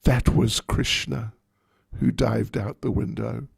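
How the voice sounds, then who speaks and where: A man's voice: medium pitch, steady tone, takes it slowly, gravelly, breathy edge, no echo, clean studio sound, full character voice. A man voicing a half-blind, suspicious old woman who insists on what she saw, with accusing questions.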